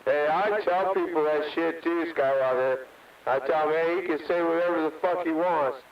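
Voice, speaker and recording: A man's voice: on the high side, moderate pace. A man joining crude, profane banter on a CB radio channel in a laid-back way. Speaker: CB radio caller. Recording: distant muffled radio with hiss.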